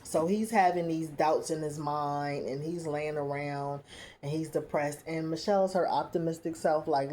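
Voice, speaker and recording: A woman recapping a reality show in a casual, opinionated, animated way. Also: sits low, normal speed. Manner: chatty, opinionated, animated storytelling with playful asides.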